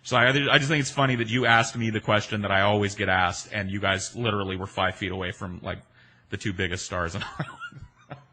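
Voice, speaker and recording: A man's voice: lowish voice, a little fast, pushed and bright. A man telling a personal anecdote in a loose, rambling, profane and self-mocking way. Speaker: storyteller. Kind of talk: casual personal storytelling.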